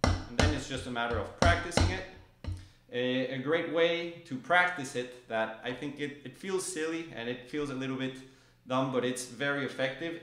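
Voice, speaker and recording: A medium-pitched, fairly bright male voice bounces off the walls of an echoey room as he demonstrates drum technique. Drums sound in the background while he patiently walks through each motion, calling out stroke names rhythmically as he plays.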